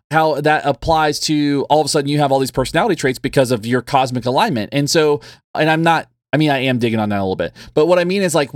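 Rambling male podcast co-host, slightly higher voice. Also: dry recording, studio quality. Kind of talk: casual conversational podcast.

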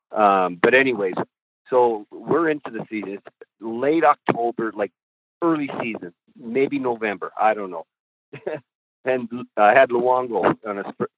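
A man's voice: fairly low pitch, no room sound. A middle-aged man, a goalie coach, telling rambling stories on a podcast with chuckles and casual swearing. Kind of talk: podcast storytelling. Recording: tinny phone-like line, dry.

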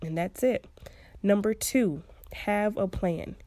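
A woman's voice: medium pitch, takes it slowly, dark tone, dry recording. Chatty young woman hosting a podcast. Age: young adult. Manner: chatty, laughs often. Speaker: podcast host. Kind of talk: casual advice monologue.

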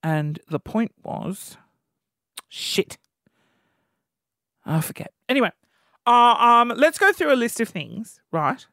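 A man's voice: very high-pitched, slow pace, long pauses, no room sound, clean studio sound. A man in his thirties, hosting a podcast and telling exasperated, comedic stories about what annoys him. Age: 30s. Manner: exasperated, animated storytelling. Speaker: podcast host. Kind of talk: comedic rant.

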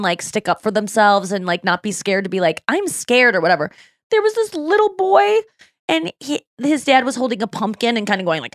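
A woman's voice: mid-range voice, dry recording, clean studio sound. A woman hosting a podcast, telling stories in a casual chat and acting out the people she quotes. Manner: animated storytelling, quoting others in acted voices. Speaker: podcast host.

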